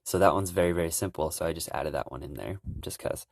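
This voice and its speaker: A young man giving a relaxed, casual language lesson, calmly explaining pronunciation. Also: very deep voice, vocal fry, no echo, clean studio sound. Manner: relaxed, repeats sounds slowly and loudly to demonstrate. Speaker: language teacher.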